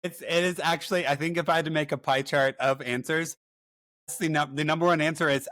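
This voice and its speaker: A man's voice: fairly high pitch, steady tone, fairly quick, a bit bright, no room sound. A man hosting a podcast, chatting casually and playfully as he asks questions. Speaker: podcast host.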